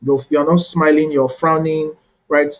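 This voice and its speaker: A man's voice: a little high, level tone, unhurried, dull audio. A man coaching a webinar audience on networking, teaching step by step and checking in with "right?" after key points.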